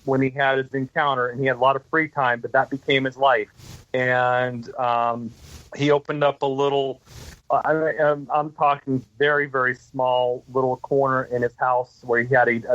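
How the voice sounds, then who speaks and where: Man, podcast guest, mid-pitched voice, steady rambling storyteller, slightly dull lo-fi sound. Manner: unhurried, detailed retelling with frequent ums. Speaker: guest, Bigfoot researcher. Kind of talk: casual storytelling interview.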